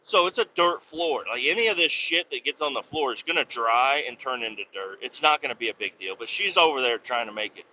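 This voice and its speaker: A man's voice: medium pitch, lively intonation, fairly quick, few pauses, bright, forceful tone. A man hosting a podcast, telling a rambling, profanity-laced story about his work day. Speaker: podcast host. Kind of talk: casual storytelling. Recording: slightly dull lo-fi sound with faint noise.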